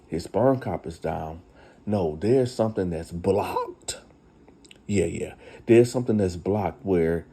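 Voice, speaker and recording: A man hosts a casual storytime retelling in a low, mellow, slightly rough voice. He's chatty and speaks directly to his listeners.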